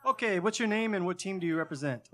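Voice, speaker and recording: High bright-voiced quiz co-host man. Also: expressive, fast talker. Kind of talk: live pub trivia hosting. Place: pub stage with live audience.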